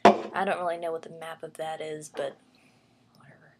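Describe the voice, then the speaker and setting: A young woman from the Southern United States with a Southern American accent, explaining things casually and slowly in a rambling vlog full of fillers. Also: deep voice, level tone, very noisy. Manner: rambling, many fillers and restarts; speaks slowly for a learner.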